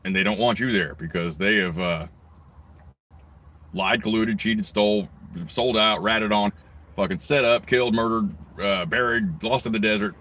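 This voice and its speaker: Low-voiced man on a profane rant. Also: pushed and bright, a little hiss or hum. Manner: angry, crude, rambling, swears constantly. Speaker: vlogger. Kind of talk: profane ranting monologue.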